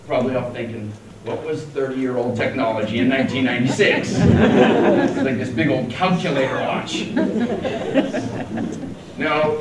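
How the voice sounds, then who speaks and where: A man in his forties from Colorado telling a story at a conference in a wry, self-deprecating, joking manner. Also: mid-range voice. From Denver, Colorado, USA. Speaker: conference speaker. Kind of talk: humorous keynote storytelling. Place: large conference hall. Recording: echoey hall, distant mic, faint noise.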